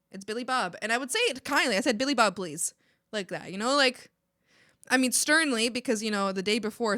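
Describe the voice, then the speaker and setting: A young woman chatting casually while streaming her art, animated, swearing freely and laughing often. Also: medium pitch, no room sound, clean studio sound. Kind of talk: casual chat while drawing.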